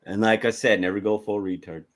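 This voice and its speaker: A man's voice: fairly low pitch, steady tone, a little fast, slight background noise. A man co-hosting a casual movie review podcast, joking around, laughing often and swearing freely. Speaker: podcast co-host.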